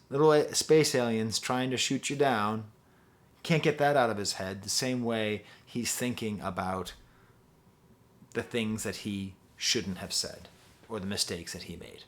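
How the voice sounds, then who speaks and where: Male music reviewer, excited and rambling, average pitch. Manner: enthusiastic, rambling, many fillers. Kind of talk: album review monologue.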